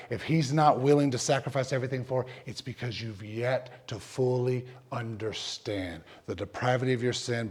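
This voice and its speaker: A man preaching an emotional personal testimony as a pastor, dropping to near whispers and then rising loud and fervent. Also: a little high. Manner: emotional testimony, swings from hushed to loud, repeats himself. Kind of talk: sermon.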